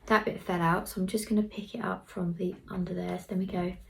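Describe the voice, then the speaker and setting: A woman's voice: lowish voice, flat delivery, fast talker, vocal fry, a little hiss or hum. A young woman giving a casual hair tutorial, chatting as she works and dropping into murmurs now and then. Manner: chatty, talks while working, drops into murmurs. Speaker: hairstylist vlogger.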